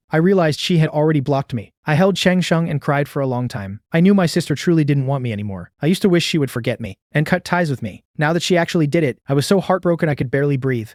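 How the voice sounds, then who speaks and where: A man's voice: on the high side, animated, quick pace, hardly any pauses, a little mellow, dry recording, clean studio sound. A man narrating a first-person story in a subdued, sorrowful manner.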